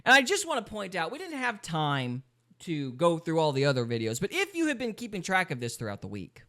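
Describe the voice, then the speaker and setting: A man with a fairly high voice hosts a podcast, reacting to a clip in casual chat. He talks with sarcasm and swoops all over his range to stress a point. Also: brisk. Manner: animated, sarcastic, swings pitch widely for emphasis. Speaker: podcast host.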